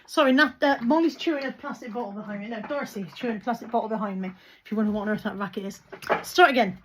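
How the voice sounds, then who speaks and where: A woman's voice: fairly high pitch, lively intonation, fast. A woman talking casually to camera in a chatty, rambling, self-deprecating vlog. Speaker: vlogger. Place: in a car, then at home. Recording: dull recording with clear background noise.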